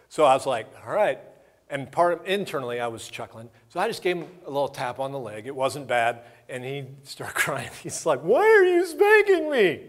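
A man preaching a sermon in a conversational, storytelling way, acting out the lines of the people in his stories. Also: on the high side. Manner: conversational storytelling with acted-out dialogue. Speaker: pastor.

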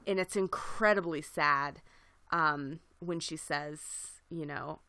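A woman's voice: low voice, fairly even intonation, a little slow, bright, forceful tone, no room sound. A young woman co-hosting a podcast, talking reflectively in casual chat and hedging with fillers. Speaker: podcast co-host.

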